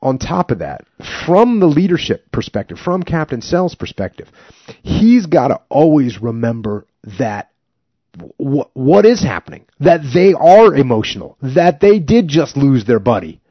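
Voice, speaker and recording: A man's voice: medium pitch, unhurried, dry recording. A male podcast host reading from a book and then commenting on it emphatically, in a slightly muffled dry recording. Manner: emphatic, animated when commenting.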